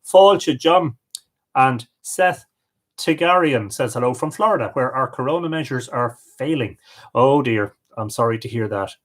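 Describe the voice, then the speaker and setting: A man's voice: medium pitch, lively intonation, normal speed. A middle-aged man with an Irish accent, hosting a livestream in a chatty way and reading out viewer comments. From Ireland. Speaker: livestream host. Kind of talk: casual live-stream greetings.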